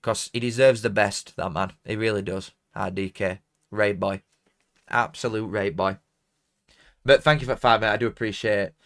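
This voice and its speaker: A man's voice: on the low side, steady tone, normal speed, fairly bright tone. A young man with a Barnsley accent chatting casually on a live football watchalong, rambling and self-mocking while reading out donations. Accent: Barnsley, South Yorkshire. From South Yorkshire, England. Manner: rambling, self-mocking, broad dialect grammar.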